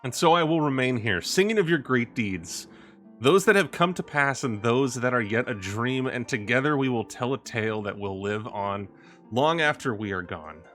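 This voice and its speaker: A man reading the lines of a gentle, courtly male minstrel from a game, in an ornate, storytelling way. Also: mid-range voice, animated, moderate pace, soft background music, lightly acted. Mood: reflective. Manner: reads ornate in-game dialogue aloud.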